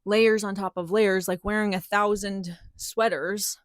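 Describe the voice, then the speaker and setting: A woman's voice: medium pitch, steady tone, a little slow, no echo. Earnest woman preaching inner growth, dry close mic. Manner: earnest, emphatic, acts out inner voices. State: out of breath. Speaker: spiritual teacher. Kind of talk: impassioned spiritual monologue to camera.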